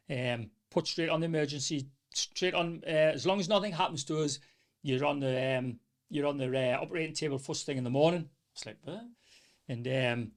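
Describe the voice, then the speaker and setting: Podcast guest, North East English man, middle-aged, slightly raised pitch, casual animated storyteller. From North East England. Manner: rambling, animated storytelling with quoted dialogue. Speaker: small business owner, podcast guest.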